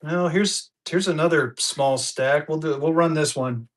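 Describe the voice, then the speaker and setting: A man's voice: a little high, measured pace. A man, chatting casually to viewers as a live-stream seller and thinking aloud as he digs through his stock. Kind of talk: casual live auction chat.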